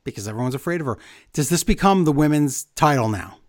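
A man's voice: fairly high pitch, expressive, fast. A man co-hosting a casual chat, recapping events with sarcastic asides and mocking impressions. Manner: sarcastic, reads out lines in mocking voices. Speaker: podcast co-host recapping wrestling.

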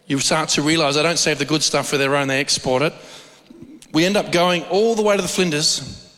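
A middle-aged man preaching, his voice sitting a little high for a man. He tells stories with lots of energy, stumbles and restarts, and acts out the voices of the people in them. His voice rings out with a long reverb, as in a large hall. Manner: animated storytelling, many restarts, acts out voices. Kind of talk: sermon with personal story.

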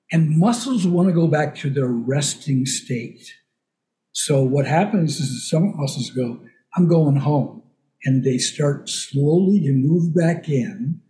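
A man's voice: on the high side, mellow. An older man, a voice coach, explaining breathing and speech in a casual podcast conversation, patiently acting out examples as he goes.

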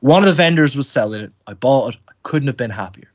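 Man, podcast co-host, animated storyteller who does the voices of his quotes, middle pitch, slightly dull lo-fi audio. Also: fast. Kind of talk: casual storytelling chat. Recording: dull lo-fi sound.

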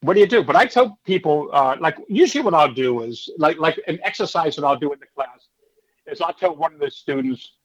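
The audio is dull, but you can hear a fairly high-pitched man talking fairly quickly. He's a former stand-up in his fifties, telling stories in a casual interview and animatedly acting out the people in them, giving the hecklers character voices.

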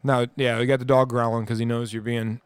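A man co-hosting a casual podcast, telling road-trip stories with loud, profane, acted-out bursts. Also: medium pitch, fairly quick, clear, resonant tone, no echo. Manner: animated, profane storyteller acting out scenes loudly. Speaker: podcast co-host. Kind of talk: casual storytelling.

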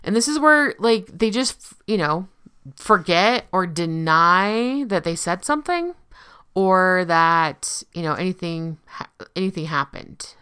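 Woman with a crisp, bright voice. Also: fairly low pitch, animated, measured pace. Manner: conversational, often checks in with the listener. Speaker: speaker on relationship abuse. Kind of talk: casual explanatory talk.

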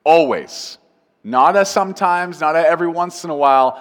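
A man's voice: a little high, moderate pace, in a large hall. A man, a pastor, preaching a sermon earnestly and building emphasis with repeated phrases.

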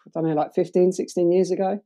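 A man's voice: high-pitched, level tone, fast talker, dark tone. A man in his forties from Devon with a London accent, answering interview questions in an easygoing, self-deprecating way. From Devon, England. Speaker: guest.

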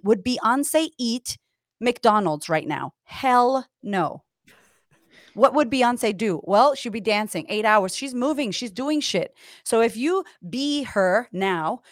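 A woman's voice: medium pitch, dry recording, clean studio sound. A woman in her thirties, a coach and author of Puerto Rican heritage, chatting on a podcast in an emphatic, profane, motivational way. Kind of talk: casual podcast chat.

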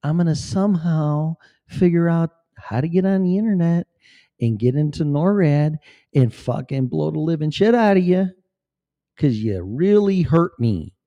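A man's voice: a little high, lively intonation, unhurried, warm tone, muffled recording, voice pushed up. A man voicing a touchy, self-pitying artificial intelligence in a mocking whine that makes hurt threats.

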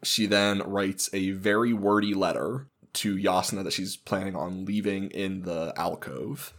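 A man hosting a casual book discussion podcast, explaining things in a relaxed way and laughing easily. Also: sits low, unhurried.

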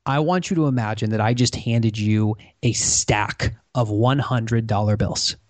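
A man's voice: on the low side, a little slow, no room sound. A man telling a story in a podcast interview, acting out the lines of the people in it. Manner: animated storyteller acting out quoted dialogue. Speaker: podcast guest. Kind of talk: conversational storytelling.

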